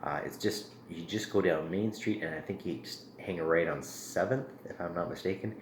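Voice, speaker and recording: Very deep-voiced man reviewing a beer. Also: moderate pace. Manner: relaxed and rambling, many ums and uhs. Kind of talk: casual beer review vlog. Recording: echoey room with faint ambient noise.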